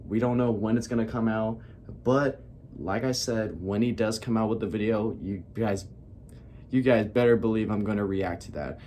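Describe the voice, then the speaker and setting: A man's voice: fairly low pitch, fairly even intonation, normal speed, warm tone, slight background noise. A man hosting a reaction video who loosely recaps the situation to viewers in a casual, profane way. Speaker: reaction channel host.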